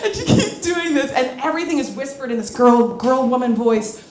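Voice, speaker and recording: A woman telling a comic story on stage to a live audience, animated and candid, often laughing as she talks. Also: high voice, a little fast, roomy sound, over a noisy crowd. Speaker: comedic storyteller. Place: club stage before an audience.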